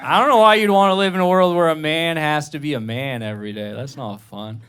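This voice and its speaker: A man of thirty doing a stand-up set on a club stage, delivering deadpan lines and acting out dialogue, with laughter from the audience. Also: on the high side, fairly quick, hardly any pauses, a crowd in the background. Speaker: stand-up comedian. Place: comedy club stage, Toronto. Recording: noisy live club recording.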